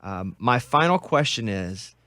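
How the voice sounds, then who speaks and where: A man's voice: fairly low pitch, expressive, measured pace, pushed and bright, no room sound. A man hosting a radio interview, upbeat and direct, promoting his guest's film. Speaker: radio show host.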